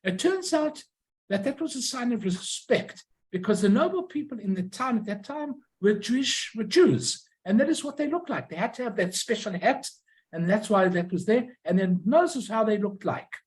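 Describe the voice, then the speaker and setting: This is an informal illustrated talk about an old collection, delivered by a presenter at an ordinary, middle pitch. The speech is halting, full of restarts and on-the-spot corrections, as each item is shown and explained. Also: expressive, rough recording. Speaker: presenter showing a collection of stamps and postcards.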